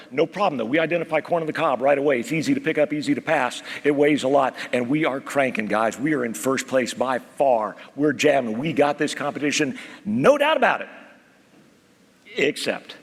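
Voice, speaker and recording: A man giving a motivational keynote, telling stories, calling out to the crowd and dropping to a hush for serious points. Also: fairly high pitch, slightly rough, long reverb tail. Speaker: keynote speaker. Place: large conference hall.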